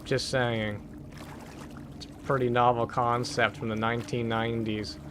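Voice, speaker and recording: A man's voice: medium pitch, flat delivery, moderate pace, background noise. Sex: man. Role: dry, sarcastic game streamer. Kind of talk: casual let's-play commentary.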